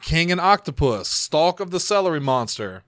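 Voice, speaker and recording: A man's voice: fairly high pitch, big pitch swings, moderate pace, a bit bright, no echo, clean studio sound. A man co-hosting a casual podcast chat, jokey and laughing often. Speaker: podcast co-host.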